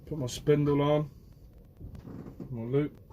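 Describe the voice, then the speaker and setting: A man's voice: a little high, steady tone, takes it slowly, warm tone, lo-fi sound, slight background noise. A young man from Guernsey, a fisherman chatting casually on a phone live stream and answering viewers by name. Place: outdoors by the shore.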